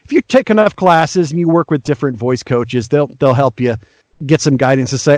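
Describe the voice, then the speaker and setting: A man's voice: a little high, brisk, a little mellow, dry recording. A middle-aged male voice actor, a guest in an interview, giving earnest, frank and encouraging career advice.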